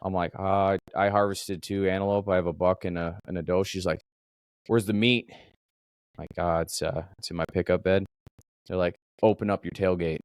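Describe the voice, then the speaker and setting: Low-voiced man telling a hunting story. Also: moderate pace, smooth, dry recording, studio quality. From Minnesota. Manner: animated storytelling, swearing. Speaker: podcast host. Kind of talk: casual chat.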